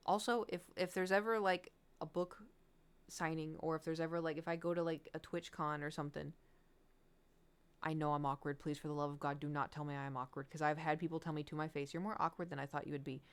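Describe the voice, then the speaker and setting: Animated young woman with a smooth voice. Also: deep voice, a little fast. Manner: animated storytelling, acting out quotes, giggly and self-conscious. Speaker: streamer. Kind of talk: casual chat to stream viewers. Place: at home.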